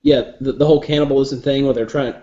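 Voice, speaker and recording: A man with a mellow, dark-toned voice chimes in with blunt, joking comments during a casual panel chat. His audio sounds slightly dull and lo-fi. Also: mid-range voice, steady tone, fast talker. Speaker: panel member. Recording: muffled lo-fi audio.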